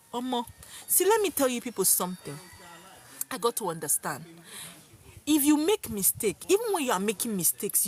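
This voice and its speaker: A young Nigerian woman telling viewers a personal story in an expressive, dramatic way, her speech mixed with Pidgin. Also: a little high, husky. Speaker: vlogger.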